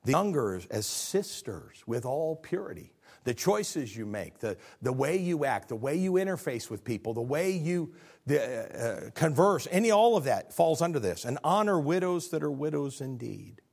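A man preaching a sermon, earnest and animated, asking the congregation questions. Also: fairly high pitch, moderate pace, gravelly.

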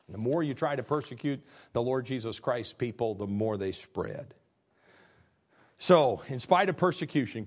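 An older man preaching a sermon, rising to loud high peaks and dropping low and quiet, often restarting phrases and asking his listeners questions. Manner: stumbling restarts, asks the congregation questions. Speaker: pastor.

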